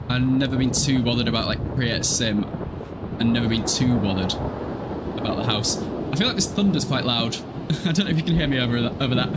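A man's voice: mid-range voice, heavy background noise. A man from Hull chatting casually with his viewers while streaming a game, laughing often and swearing freely. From Hull, East Yorkshire, England. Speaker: gaming livestreamer. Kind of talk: casual gameplay livestream chat.

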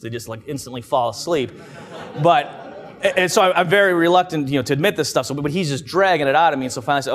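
A man's voice: mid-range voice, animated, very fast. Man, economist, conference talk, wry humor, conversational. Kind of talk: informal lecture to a live audience. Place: conference room.

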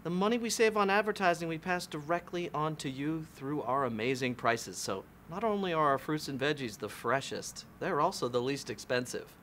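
A man playing a smooth telemarketer giving chummy sales patter on a call, in a comedy audio drama. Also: a little high, moderate pace, hardly any pauses, a bit bright, a little hiss or hum, natural voice.

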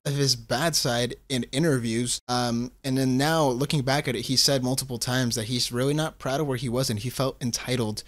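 A man giving casual, excitable commentary while reacting to an album, often repeating himself and saying "bro.". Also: mid-range voice, moderate pace, hardly any pauses. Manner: excitable, repeats phrases, calls listener bro. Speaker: music reaction host. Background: faint hip hop music.

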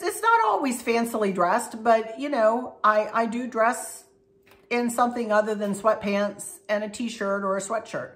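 A woman's voice: mid-range voice, fairly bright tone. Chatty folksy woman vlogger. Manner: chatty, folksy, laughs often. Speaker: craft and decor vlogger. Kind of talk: casual chat to viewers.

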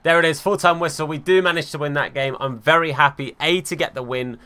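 A young man giving live commentary over his football video game, swinging from calm play-by-play to exasperated outbursts. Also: on the high side, a little fast. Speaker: gaming YouTuber.

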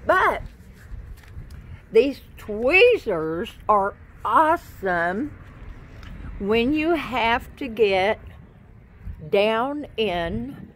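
Talking to her viewers while gardening outdoors, a woman speaks extremely slowly in a fairly high, expressive voice. She's a friendly, scattered gardening vlogger who chats to camera and even talks to her plants.

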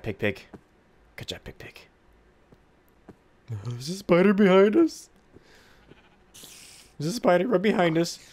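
A let's-play gamer giving casual gameplay commentary, playfully talking to a pet pig, humming along and squealing with alarm. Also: mid-range voice. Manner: excitable, squeals and gasps in alarm.

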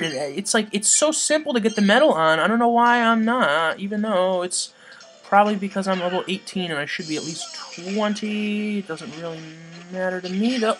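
Swearing let's play gamer, bright sharp voice, faint music under it. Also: medium pitch, normal speed. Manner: swears a lot, yells at the boss. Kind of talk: casual game commentary.

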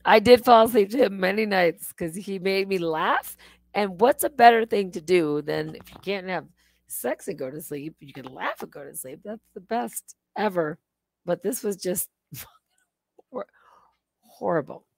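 A woman's voice: medium pitch, expressive, unhurried, gravelly, no room sound. Chatty self-mocking woman streamer. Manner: rambling, self-mocking, laughs often. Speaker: livestream host. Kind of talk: casual livestream chat.

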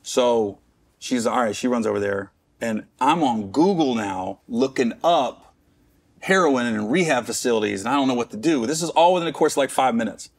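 A man's voice: medium pitch, lively intonation, moderate pace. A middle-aged man from Cincinnati, a comedian guest, telling a personal story candidly with restarts and wry asides. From Cincinnati, Ohio. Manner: rambling, with restarts and self-mocking asides.

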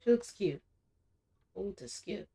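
A woman's voice: mid-range voice, lively intonation, slow, dark tone, slightly rough. A woman streamer giving casual, chatty commentary while playing a video game. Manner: chatty, talks to viewers. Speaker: gaming streamer.

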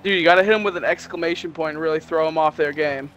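A man's voice: on the high side, fast talker, a bit bright, a little hiss or hum. Self-deprecating man chatting mid-game. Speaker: teammate. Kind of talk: casual gaming chat.

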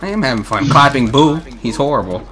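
A man's voice: mid-range voice, very animated, fairly quick, over music. A young man streaming a game, trading playful insults and teasing his opponents. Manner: teasing, loud bursts of laughter. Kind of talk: playful trash talk while gaming.

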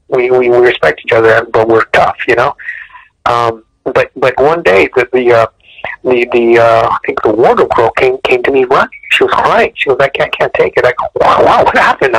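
A man telling stories from his film career in a casual interview, animated, often repeating words and clearing his throat. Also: no echo, low-quality recording. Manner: animated storyteller, acts out quotes with sudden high bursts. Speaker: martial arts director and choreographer, guest.

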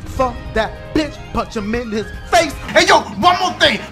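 A high-pitched man shouts and curses through his game commentary, his voice jumping all over the place. He drops to low mutters between the outbursts, and game music plays behind him. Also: expressive, normal speed. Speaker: gaming YouTuber.

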